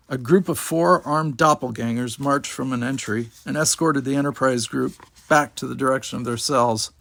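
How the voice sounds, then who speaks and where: A man reading a novel aloud in steady, measured narration. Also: medium pitch, vocal fry, no echo, studio quality. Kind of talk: audiobook narration.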